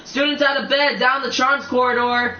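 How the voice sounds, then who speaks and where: A man's voice: high voice, normal speed, bright, forceful tone, slight background noise. A man voicing a mischievous male poltergeist who taunts in a sing-song voice and cackles. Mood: bellowing. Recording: echoey, distant, muffled home recording.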